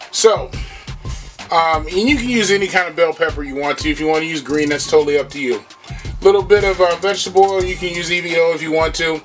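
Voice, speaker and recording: A man's voice: high voice, fairly bright tone. A man hosting a home cooking show, chatting casually and walking viewers through each step in his kitchen.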